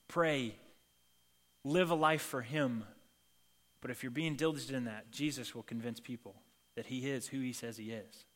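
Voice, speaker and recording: Casual preacher in an echoing hall. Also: male voice, medium pitch. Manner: casual and animated, acts out quoted lines. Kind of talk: sermon. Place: church sanctuary. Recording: long reverb of a large hall.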